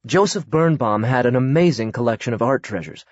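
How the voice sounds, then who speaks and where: A man's voice: mid-range voice, animated, no echo, natural voice. A man reading a polite man with a slight American accent. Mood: earnest. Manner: courteous and measured. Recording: dry, slightly dull audiobook recording.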